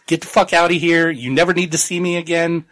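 A troubled male official, flustered and blunt, cursing his way through a spiritual crisis, as a man puts him on. The voice sits a little above normal and has a bright, forceful edge, all loose paraphrase. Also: medium pitch, lively intonation, a little slow, breathy edge, exaggerated voice. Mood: angry. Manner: casual, profane paraphrase of a character.

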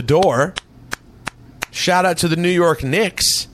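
A man hosting a sports talk show, teasing his co-host in quick casual banter. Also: high-pitched, over loud music. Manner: teasing, quick back-and-forth.

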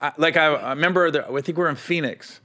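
A man's voice: a little high, fast, sharp tone. A man, a touring stand-up comic, telling road stories in casual chat, often laughing and acting out other people's voices.

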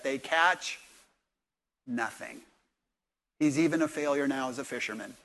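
A middle-aged man delivers a sermon as a pastor. His voice sits a little high for a man. He tells stories, dropping to a hush and then rising loud and animated. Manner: storytelling with swings from hushed to loud.

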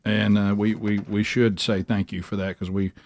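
A man's voice: on the low side, flat delivery, normal speed, a little mellow, dry recording. A male radio host in casual chat, incredulous and asking question after question. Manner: incredulous, keeps asking why.

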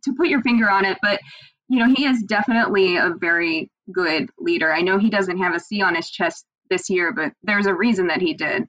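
A woman from near Pittsburgh, a TV sports reporter, answering interview questions in a relaxed way with easy laughs over a remote call. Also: medium pitch, a little fast, no room sound, dull audio. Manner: relaxed, laughing easily, lots of fillers. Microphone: remote computer call.

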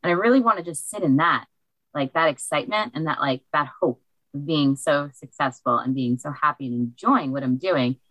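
Excitable low-voiced woman, dry sound. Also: fairly quick, no room sound, poor audio. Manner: bubbly, excitable. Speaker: coaching student. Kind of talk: casual chat on a video call. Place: at home with a computer. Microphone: cheap desk microphone.

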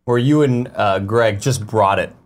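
A man's voice: lowish voice, a little slow. A man co-hosting a morning show in casual chat, laid-back and teasing. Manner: laid-back, teasing, frequent laughs and fillers.

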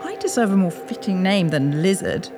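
A scolding inner lizard brain. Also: female voice, mid-range voice, big pitch swings, moderate pace. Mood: lecturing. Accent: British. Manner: condescending, lecturing, sharp. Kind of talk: audio drama acting. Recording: voice over music bed.

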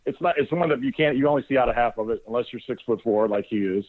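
A medium-pitched man talking quickly is a sports radio host spinning a casual, rambling story on air. He swears now and then and keeps restarting his sentences, and the audio is dry and narrowband, like a phone line.

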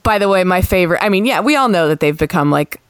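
A woman's voice: fairly low pitch, animated, quick pace, clean tone, dry recording. Chatty woman sports podcast host. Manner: chatty, laughing, many fillers. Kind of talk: casual sports chat.

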